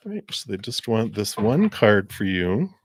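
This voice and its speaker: Low-voiced gentle male tarot reader. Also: big pitch swings, moderate pace, husky. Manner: gentle, encouraging, spiritual; casual with fillers and soft laughs. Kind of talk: live-stream tarot reading.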